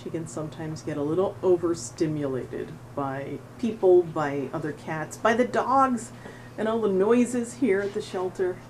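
A middle-aged woman volunteering at an animal shelter, chatting casually to the camera and cooing at a cat in a high sing-song voice, laughing often. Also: measured pace, darkish tone, a little hiss or hum, rough recording. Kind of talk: casual vlog talking to a cat.

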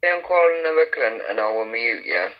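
A man's voice: medium pitch, big pitch swings, normal speed. A man acting as a channel moderator in push-to-talk voice chat, goading others while hesitating often. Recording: dull lo-fi voice app audio.

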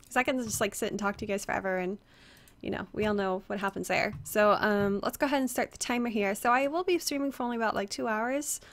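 A woman's voice: medium pitch, quick pace. A young woman streaming a game, chatting casually with viewers, greeting them by name and reading their chat aloud, her voice a little strained. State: slightly strained voice, resting it. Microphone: headset.

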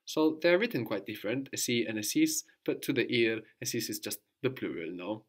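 A man's voice: medium pitch, expressive, fairly quick. A man teaching a language lesson, asking questions patiently and repeating his student's answers.

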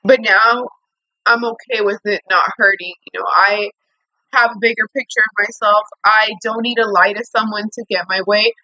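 A woman's voice: mid-range voice, steady tone, moderate pace, pushed and bright, no echo, muffled recording. A young woman venting angrily in a storytime vlog, swearing a lot as she talks to the camera. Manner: angry venting, heavy swearing. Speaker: vlogger.

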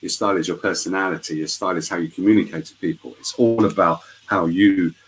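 A man chatting as a guest in a casual live interview over a video call, telling stories in a lively, talkative way. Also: low voice, quick pace, low-quality recording.

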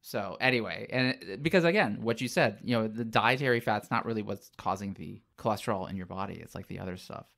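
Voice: mid-range voice, quick pace, gravelly, hardly any pauses, a bit bright. A podcast co-host in casual chat, rambling with many fillers and restarts.

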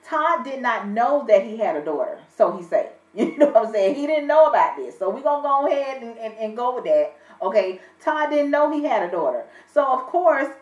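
A woman with a high, sing-song, slightly mellow voice rattles off a blunt, sassy reality show recap, swearing constantly, a little fast and barely pausing. She sounds far away and muffled, in a room with echo.

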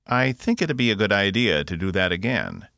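A man voicing a quick-thinking male crew officer in an audiobook, urgent and low-key. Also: animated, creaky, dry recording, studio quality. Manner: hushed, urgent.

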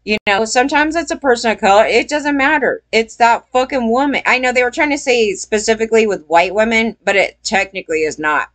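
A woman's voice: a little high, fairly quick, hardly any pauses, a bit bright. A woman vlogger telling a story in a casual, rambling rant, emphatic and full of swearing.

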